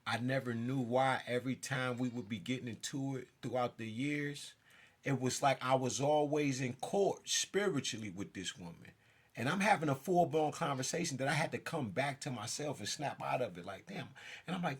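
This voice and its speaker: A self-styled spiritual figure rants straight to camera in an intense, profane monologue, jumping around as he talks. His voice is mid-range, expressive and slightly rough, at normal speed.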